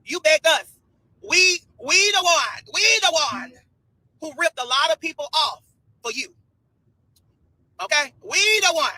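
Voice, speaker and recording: A man's voice: very high voice, big pitch swings, measured pace, long pauses, sharp tone, no echo, low-quality recording. A man ranting on a livestream in a sassy, scolding way, repeating himself. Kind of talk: livestream rant.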